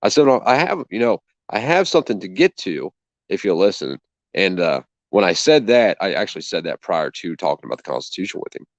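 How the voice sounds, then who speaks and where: A man with a fairly low voice tells a story in a casual, indignant way, swearing freely and acting out what each person said. The sound is dull and lo-fi, dry and close, with no room around it. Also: sing-song, brisk, no echo. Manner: indignant, profane, acts out both sides of a conversation. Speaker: channel host.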